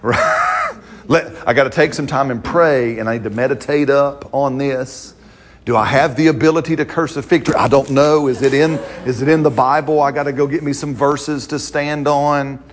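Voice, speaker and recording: A man's voice: medium pitch, fairly even intonation, normal speed, a little hiss or hum. A man preaching a sermon in a conversational, playful way, acting out quotes and laughing along with the congregation.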